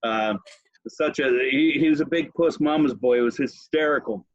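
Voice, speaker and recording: A male podcast host with a husky, breathy voice tells stories in casual, profane chat. The sound is dry and somewhat dull. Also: on the high side, moderate pace, dry recording. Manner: profane, animated storyteller.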